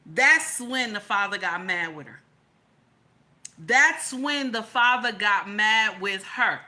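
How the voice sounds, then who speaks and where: A woman's voice: mid-range voice, expressive, slow pace, bright, forceful tone. A woman giving casual opinion commentary, colloquial and emphatic, repeating her lines for stress. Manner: colloquial, slangy.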